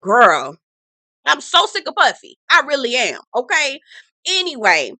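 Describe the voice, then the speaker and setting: A woman's voice: high-pitched, huge pitch swings, a little slow, bright, forceful tone, no echo. Sassy, profane woman recapping reality TV. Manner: sassy, blunt, profane, exasperated. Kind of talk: casual recap commentary.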